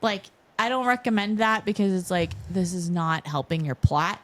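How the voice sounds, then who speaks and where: A woman's voice: lowish voice, lively intonation, normal speed. A woman in her forties co-hosting a podcast, talking in a chatty, rambling way. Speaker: podcast co-host. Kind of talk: casual chat.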